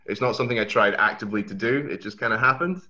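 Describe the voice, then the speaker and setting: Swiss guy w aberdeen-ish accent, deep but bright, laid back chatty, kinda dull lo-fi sound. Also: fast. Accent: Aberdeen Scottish mixed with Swiss and American traces. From Switzerland. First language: Swiss German. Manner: relaxed, chatty, laughs often, many restarts. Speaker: guest. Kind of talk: casual interview chat. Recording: dull lo-fi audio.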